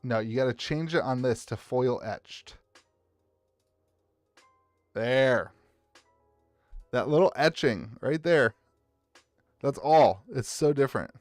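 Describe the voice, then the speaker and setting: A man's voice: medium pitch, unhurried, darkish tone, no echo, faint music behind. Chatty Appalachian man streaming card sorting. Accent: Appalachian American. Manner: rambling, upbeat, greets chat viewers by name. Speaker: card shop owner streaming live. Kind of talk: casual live-stream chat while sorting cards.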